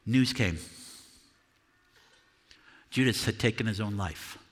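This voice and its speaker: A man performing a first-person monologue as the Apostle Peter, earnest and confessional, halting over repeated words. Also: fairly low pitch, breathy edge, in a large hall. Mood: despondent. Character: Apostle Peter, a remorseful fisherman recounting his denial. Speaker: dramatic monologue performer at a church service. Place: church sanctuary.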